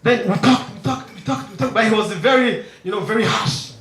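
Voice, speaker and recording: Man, stand-up comedian, very high voice, bright tone, echoey live venue. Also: brisk, few pauses. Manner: acts out characters with sudden loud high shouts. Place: comedy stage before a live audience.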